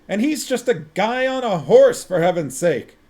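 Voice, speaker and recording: A man voicing an exasperated city-guard captain who shouts in fury. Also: sits high, animated, normal speed, voice pushed up. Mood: furious.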